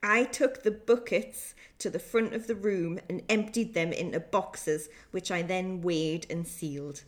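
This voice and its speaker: A young woman co-hosting a relaxed chat show. She swears freely and breaks into laughter often. She talks in an animated, easygoing way while reading stories aloud. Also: lowish voice, unhurried. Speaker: podcast co-host.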